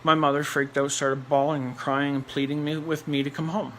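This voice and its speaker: A man's voice: on the high side, level tone, a little fast, a bit bright, a little hiss or hum, low-quality recording. A man telling a personal story in a blunt, rambling way, repeating phrases for emphasis and laughing in between. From Nova Scotia, Canada.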